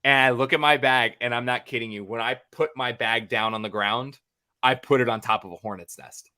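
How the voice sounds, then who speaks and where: A young man co-hosts a podcast and spins a long, rambling story. His voice is bright and forceful, sitting at an ordinary pitch. He talks in an animated way, full of fillers and false starts. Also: a little fast. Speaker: podcast co-host.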